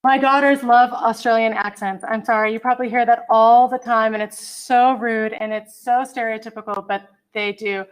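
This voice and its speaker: A woman's voice: on the high side, steady tone, moderate pace, hardly any pauses, clear, resonant tone. A middle-aged woman teaching an online college English class over a computer mic, chatty and apologetic, humming to herself as she hunts for files. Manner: chatty, apologetic, hums while searching. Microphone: computer mic on a video call.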